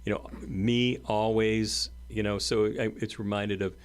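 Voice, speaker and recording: A man with a very low voice co-hosts a casual podcast. He explains ideas earnestly and conversationally, with plenty of fillers along the way. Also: flat delivery, measured pace, clean tone. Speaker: podcast co-host.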